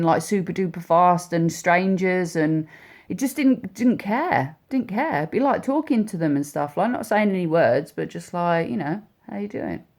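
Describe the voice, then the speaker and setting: A woman speaking as a mother, telling a personal story in a heartfelt, halting way with many repeats and restarts. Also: lowish voice. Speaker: mother speaking about her son.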